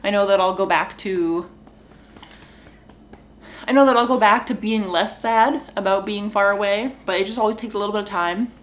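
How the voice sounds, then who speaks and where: A woman's voice: medium pitch, normal speed, fairly bright tone. A young woman vlogger in casual, rambling chat to the camera from her kitchen floor at home, sighing now and then. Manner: rambling, sighing and laughing, talking to her dogs.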